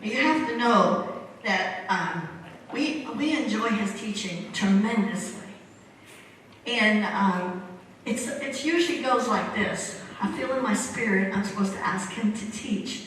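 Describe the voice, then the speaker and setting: A woman's voice: mid-range voice, measured pace, a bit bright, a little hiss or hum. A woman leading a church service, introducing the preacher in a chatty, easy-laughing way. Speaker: church leader introducing the speaker. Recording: roomy church hall, distant mic.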